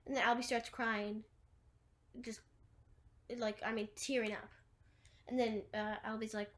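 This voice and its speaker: A woman's voice: fairly high pitch, flat delivery, unhurried, long pauses. A woman casually retelling a movie plot, rambling through long chains of "and then" and fillers, with wry asides. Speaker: movie recapper.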